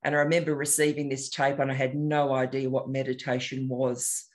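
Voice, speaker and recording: Opening a guided meditation, this older meditation teacher talks gently and reflectively without hurrying. His pitch is medium and his delivery stays flat.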